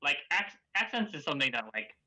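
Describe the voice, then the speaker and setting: Bright-voiced man, hesitant and reassuring. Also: on the high side, big pitch swings, a little fast, rough recording. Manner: hesitant, lots of ums, reassuring. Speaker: guest reader. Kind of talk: casual reading stream chat.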